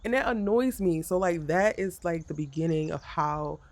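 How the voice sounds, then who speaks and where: A woman's voice: fairly low pitch, lively intonation, normal speed, a little mellow. A woman content creator talking frankly to camera in a vlog, venting about the pressures of her day. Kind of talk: candid vlog monologue.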